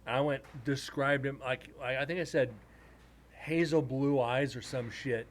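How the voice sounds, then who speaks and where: A man's voice: medium pitch, steady tone, unhurried. A man who investigates the paranormal, chatting casually to a live stream audience and telling a story in a rambling way with crude asides. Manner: rambling, with crude jokes to the chat.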